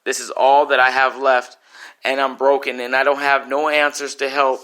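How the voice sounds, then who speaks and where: A man's voice: medium pitch, flat delivery, normal speed, fairly bright tone. A man performing an emotional spoken-word story, intense and pleading.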